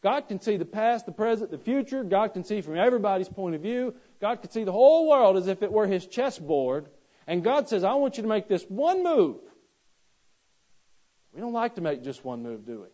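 A man's voice: high-pitched, animated, fairly quick, mellow, lo-fi sound. Folksy storytelling male preacher. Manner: folksy storytelling with rhetorical questions. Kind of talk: sermon.

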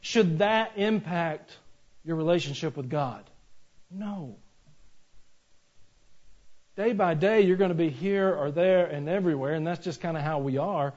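A man preaching a sermon, animated and joking, with rhetorical questions to the congregation. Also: on the high side, measured pace, long pauses. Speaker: pastor. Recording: dull lo-fi recording.

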